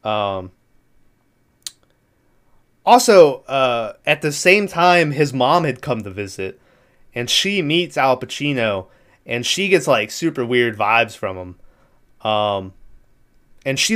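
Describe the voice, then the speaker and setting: A man's voice: mid-range voice, lively intonation, a little slow, pauses often, fairly bright tone. A man casually recapping a movie plot in a rambling, profane way, laughing now and then. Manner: rambling, profane, laughs through his retelling.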